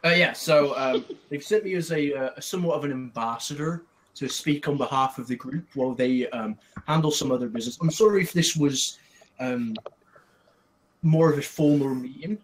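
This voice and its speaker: A man voicing a hesitant adventurer sent as an envoy in a tabletop game, with a halting, fumbling way of talking. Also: mid-range voice, a little hiss or hum, lightly acted, poor audio. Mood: flustered.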